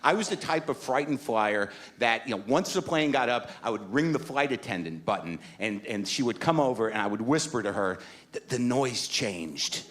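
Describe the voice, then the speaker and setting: A man's voice: medium pitch, expressive, a little fast, few pauses, fairly bright tone, a little hiss or hum. A middle-aged man performing stand-up comedy, telling a story in a rambling, anxious and emphatic way. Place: comedy stage.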